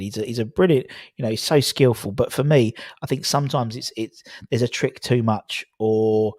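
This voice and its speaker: A talkative man hosting a live call-in stream. His voice sits at an ordinary middle pitch and sounds close and dry, with no room around it. He rambles easily and gets lively when a point excites him. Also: moderate pace, few pauses, no echo. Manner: chatty, swears casually, animated when excited. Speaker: host of a fan live-stream call-in show. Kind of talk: casual chat and football opinion.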